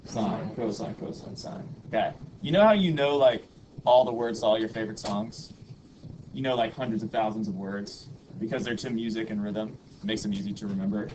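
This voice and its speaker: A man's voice: fairly low pitch, fairly even intonation, brisk. Patient man teaching a math class. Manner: patient, chanting rhythmic mnemonics. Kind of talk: classroom lecture. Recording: audible background noise.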